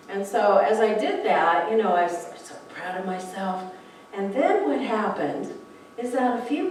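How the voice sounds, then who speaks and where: A middle-aged woman minister giving a conversational sermon, chatty and animated, playfully acting out quoted voices. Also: medium pitch, slight background noise. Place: church hall. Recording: echoey hall, mic from a distance.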